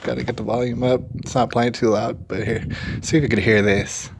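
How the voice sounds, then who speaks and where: A man's voice: medium pitch, little pitch movement, a little fast, vocal fry, a little mellow, slight background noise. A man from San Antonio, hosting his own opinion vlog and talking emphatically and repetitively straight to his viewers. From San Antonio, Texas. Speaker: channel host.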